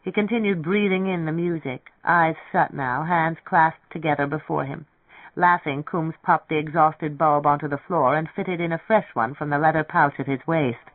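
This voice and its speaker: A narrator giving a measured, steady reading of a novel. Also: mid-range voice, no room sound. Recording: tinny, dry radio broadcast.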